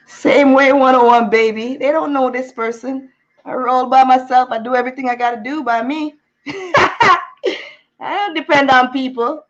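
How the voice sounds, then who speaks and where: Animated woman venting, lo-fi. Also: high voice, normal speed. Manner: animated, venting, slips into Jamaican patois. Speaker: YouTuber. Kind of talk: candid storytime vlog. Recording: muffled lo-fi sound.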